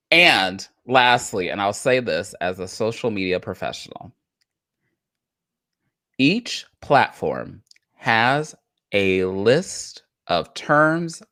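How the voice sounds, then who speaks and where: Emphatic woman co-host, lively pitch. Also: slow pace, no echo, studio quality. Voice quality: emphatic, repeats phrases for effect. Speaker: podcast co-host. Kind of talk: casual political chat.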